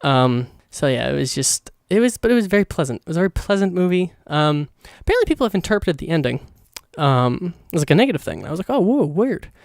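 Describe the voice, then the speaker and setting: A man's voice: on the high side, big pitch swings, quick pace, gravelly, hardly any pauses, no echo, studio quality. A man hosting his own podcast, giving a casual, rambling, profane movie review full of fillers. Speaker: podcast host.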